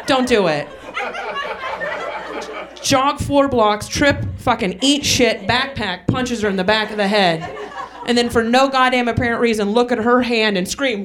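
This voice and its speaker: A queer woman doing a rambling, profane stand-up set, laughing at her own jokes. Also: on the high side. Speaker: stand-up comedian. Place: comedy club stage with live audience. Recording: loud crowd in club. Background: audience laughing.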